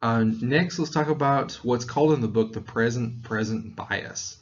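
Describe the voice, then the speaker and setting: In a muffled recording, a man from Tennessee lectures on psychology, his mild Southern accent coming through a mid-range voice at normal speed. The talk is conversational, with fillers and restarts.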